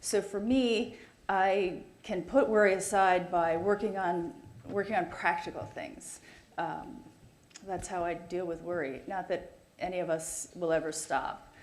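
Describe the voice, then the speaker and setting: A woman caring for her husband, speaking on a panel in a hesitant, reflective way with frequent pauses. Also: lowish voice, fairly even intonation, echoey room. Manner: hesitant, reflective, many fillers. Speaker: carepartner panelist. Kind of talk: panel talk.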